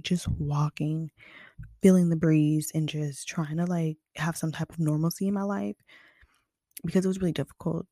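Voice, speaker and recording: A woman's voice: sits low, vocal fry, dark tone, dry recording, studio quality. A young woman from Kansas City chatting frankly to her viewers, full of fillers. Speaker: vlogger. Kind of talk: casual storytelling to camera.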